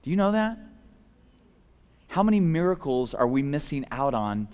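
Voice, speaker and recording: Animated male preacher in an echoing hall. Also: normal speed, pauses often, smooth. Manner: animated, swings from loud emphatic shouts to soft low asides; casual, conversational phrasing with fillers. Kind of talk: sermon. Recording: long hall reverb.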